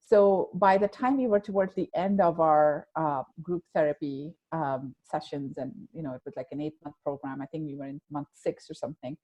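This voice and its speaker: Low-voiced woman telling a personal story. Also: normal speed, few pauses, a little mellow, lo-fi sound. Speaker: guest. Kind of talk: personal storytelling in a podcast interview.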